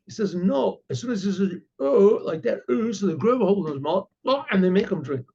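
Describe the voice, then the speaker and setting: A man, a rabbi, telling a story in an animated, halting way. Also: high-pitched, slightly rough. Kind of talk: oral storytelling. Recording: dull lo-fi recording.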